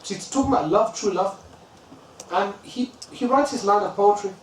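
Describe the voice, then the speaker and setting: A British religious teacher tells stories and quickly chants lines of verse while teaching classical poetry, his voice a little high. The echoey room and distant mic carry faint ambience and slight background noise.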